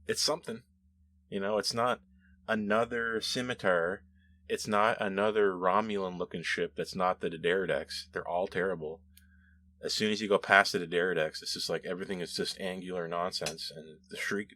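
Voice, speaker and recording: A man hosting a show casually reads and responds to viewer comments, rambling, correcting himself, and laughing often. His voice is low-pitched with a sharp tone, and there's a little hiss or hum in the audio.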